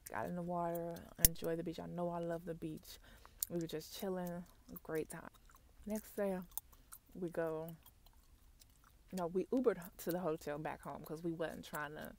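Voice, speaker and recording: A woman tells a lively storytime in a soft, half-whispered ASMR style, chewing gum close to the microphone. Her voice sits a little low and carries a gravelly fry. She talks straight to her viewers as "y'all", over a faint hiss of background noise. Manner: chatty, animated storytelling, addresses viewers as y'all. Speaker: ASMR vlogger.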